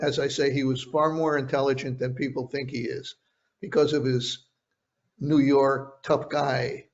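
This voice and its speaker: Older man telling a story over a dull line. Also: medium pitch. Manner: conversational, repeats words when restarting. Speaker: retired journalist guest. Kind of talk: casual storytelling interview. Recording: dull lo-fi sound.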